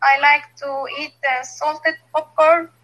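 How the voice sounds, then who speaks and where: A woman's voice: high-pitched, level tone, takes it slowly, pushed and bright, faint music behind, low-quality recording. A young woman from Egypt, a native Arabic speaker, answering in an online English lesson with hesitant fillers and grammar slips. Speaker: English learner.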